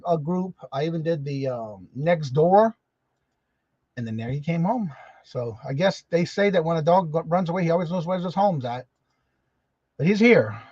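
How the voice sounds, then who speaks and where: A chatty man hosts a casual morning livestream, greeting viewers by name one by one between stretches of rambling storytelling. His voice sits a little on the high side. The sound is dull and dry, with no room echo. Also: a little mellow. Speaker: host.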